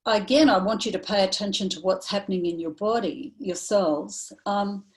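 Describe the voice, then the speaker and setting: A woman therapist speaking in an online training session, telling a client story in a measured, reflective way with frequent ums and uhs. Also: medium pitch, rough recording. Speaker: somatic therapist presenting to professionals.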